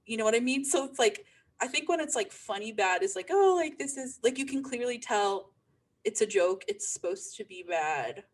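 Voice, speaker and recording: A woman's voice: fairly high pitch, normal speed. A young woman co-hosting a podcast, chatting emphatically with many fillers. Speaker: podcast co-host. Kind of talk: casual chat.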